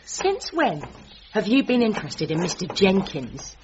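A woman's voice: medium pitch, big pitch swings, a little slow, background noise. A woman voicing a bratty, mocking teenage girl, in a sarcastic way. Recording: dull lo-fi sound.

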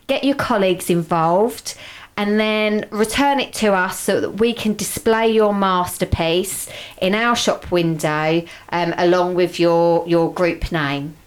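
A woman co-hosting a local radio show, chatting casually and promoting a charity challenge with enthusiasm. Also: mid-range voice. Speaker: radio co-host.

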